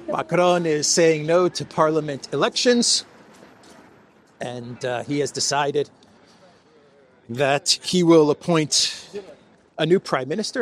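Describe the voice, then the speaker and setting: A man giving mocking, rambling political commentary while walking through an indoor food court, recorded on a handheld phone. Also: fairly high pitch. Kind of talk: casual walk-and-talk vlog.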